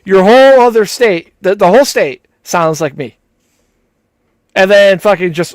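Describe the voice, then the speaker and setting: A man's voice: sits high, expressive, measured pace, dry recording. A man chatting casually as a show host, crude and joking, riffing about regional accents. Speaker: commentary stream host. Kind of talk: casual chat.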